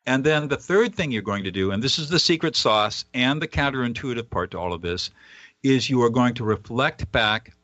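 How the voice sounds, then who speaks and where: A man's voice: medium pitch, animated, normal speed, fairly bright tone, no room sound, lo-fi sound. A man, a guest author on a radio interview, explaining a method earnestly and at times acting out example dialogue.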